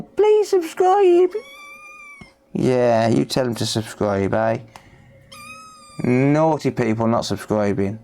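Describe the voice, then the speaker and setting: A man's voice: medium pitch, darkish tone, smooth. A man with a British accent chatting casually on a repair livestream, coaxing and playful. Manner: chatty, coaxing, talks to pets with playful asides. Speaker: repair streamer.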